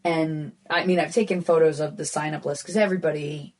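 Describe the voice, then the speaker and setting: An American woman in her thirties chats on a podcast as a guest comic. She talks in a rambling, self-deprecating way, peppered with fillers. Her voice sits low for a woman, over a faint hiss. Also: fairly even intonation, brisk. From United States. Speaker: guest comedian. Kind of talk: casual podcast chat.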